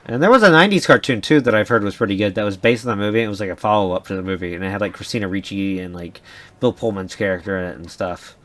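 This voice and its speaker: A man's voice: on the low side, racing, a bit bright. A young man chatting casually as a podcast co-host, rambling and going off on tangents, often restarting and swearing. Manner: rambling, sidetracked storytelling with frequent restarts and swearing. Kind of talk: casual chat.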